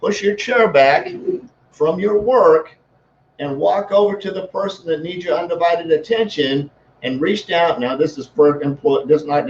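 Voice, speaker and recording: A man's voice: fairly high pitch, a little mellow, slight background noise. A man talking as a leadership coach in a casual live-stream, rambling with many restarts. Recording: echoey room, dull lo-fi sound.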